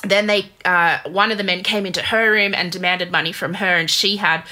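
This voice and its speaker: A woman casually telling a true crime story to her co-host, chatty and animated, with lots of fillers. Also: lowish voice, brisk.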